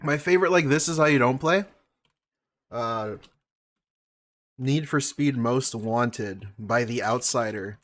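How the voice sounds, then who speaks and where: A man's voice: mid-range voice, slow, long pauses, a bit bright. A man casually commenting over a video on a live stream, offhand and sarcastic, swearing freely.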